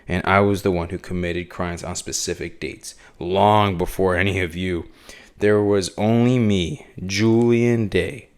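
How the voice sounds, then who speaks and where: A man reading the lines of a resentful male villain, slowly and insistently, in his own voice. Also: low-pitched, steady tone, smooth.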